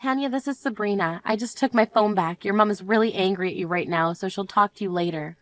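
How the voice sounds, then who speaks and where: A woman's voice: mid-range voice, fairly quick, fairly bright tone, natural voice. A woman voicing a young bride in an amateur voice drama, speaking in a firm, self-assured manner. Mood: cool firm. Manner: indignant, then cool and firm.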